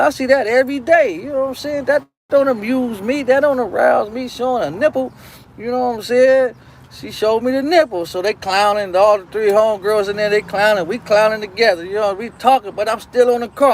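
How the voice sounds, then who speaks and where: A man with a strikingly high voice hosts a live show and spins a long, crude anecdote in loose slang. He circles back on himself constantly and keeps asking "you know what I'm saying". A faint hiss of noise sits under his voice. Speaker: host. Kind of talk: live-stream storytelling.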